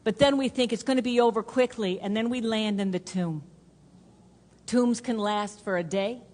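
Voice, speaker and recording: Woman pastor, sermon delivery, earnest repeating cadence with hushed drops, lingering hall echo. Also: fairly high pitch, normal speed. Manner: earnest, repetitive preaching cadence that drops to a hush for emphasis. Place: church sanctuary. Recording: long hall reverb.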